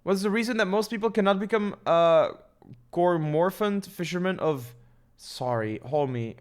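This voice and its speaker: Speaking at a normal pace in a high voice, a young man offers casual commentary while streaming a game. His talk wanders, is full of profanity, and often turns to poking fun at himself.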